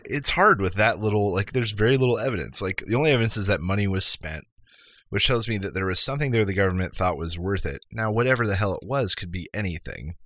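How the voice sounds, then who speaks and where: Bright-voiced skeptical podcast co-host. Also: male voice, fairly low pitch, expressive, fast, dry recording, studio quality. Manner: skeptical, sardonic, asks probing questions. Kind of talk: casual chat.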